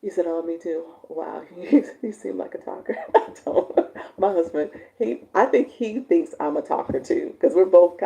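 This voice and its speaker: Raspy low woman coaching live. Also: low-quality recording. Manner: chatty, warm-toned, laughs often, answers viewers by name. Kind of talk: casual livestream chat reading viewer comments.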